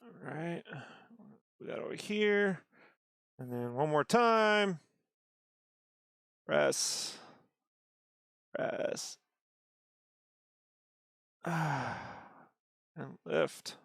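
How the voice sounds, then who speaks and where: Gravelly quiet artist man, dry sound. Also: on the high side, expressive, drawn-out words, long pauses, no room sound. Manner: quiet, thinking aloud. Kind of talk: casual talk while painting.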